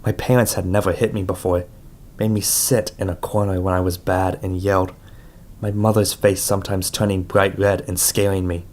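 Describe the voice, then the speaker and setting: A man reading a novel aloud as an audiobook narrator, in a measured, quiet way. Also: low-pitched, flat delivery.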